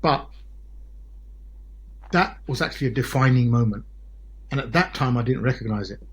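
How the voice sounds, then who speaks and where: Man in his forties, very husky voice, mid pitch, animated storyteller, casual podcast guest. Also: normal speed. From Britain. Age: 40s. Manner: animated, peppered with tag questions like "yeah?" and "right?". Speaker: guest solicitor.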